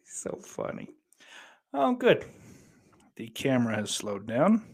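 A man's voice: mid-range voice, wildly swooping pitch, slow pace, a little mellow, slightly rough. A male livestream host reading chat aloud in a put-on Irish accent, swearing often and breaking into giggles. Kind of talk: casual stream chat.

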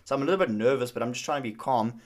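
A man's voice: mid-range voice, rapid-fire. A young man in casual conversation, telling a story with frequent fillers and restarts. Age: young adult.

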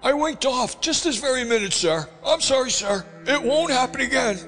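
A jittery young sailor with a slight tremor, voiced noticeably higher and louder by a man reading a novel aloud. The sound carries a long hall echo, with clear music behind it. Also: expressive, moderate pace, full character voice. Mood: nervous. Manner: anxious, apologetic. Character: nervous young male sailor, caught dozing.

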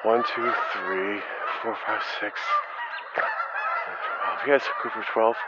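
A man's voice: fairly low pitch, fairly even intonation, slow. A man hosting a casual solo podcast outdoors with geese overhead, talking in a rambling, self-mocking, joking way. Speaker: podcast host. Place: outdoors under flocks of flying geese. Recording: dull lo-fi outdoor recording with clear background noise. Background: honking geese and outdoor ambience.

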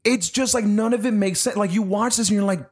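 A man recounts a film in casual chat, his voice sitting a little high. He tells it with lots of laughter and cursing. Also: quick pace, husky. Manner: animated, profane, laughing storyteller. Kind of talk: casual movie review chat.

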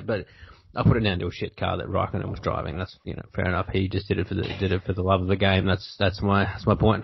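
A man's voice: lowish voice, gravelly, slightly rough, no echo. An Australian man hosting a podcast in casual chat, rambling and interrupting himself. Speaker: podcast host. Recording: dull lo-fi audio.

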